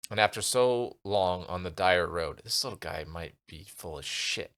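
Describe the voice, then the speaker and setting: A man's voice: sits low, moderate pace, a bit bright. A male streamer reading a gamebook aloud and muttering asides to himself as he decides what to do. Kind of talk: casual narration while playing a gamebook.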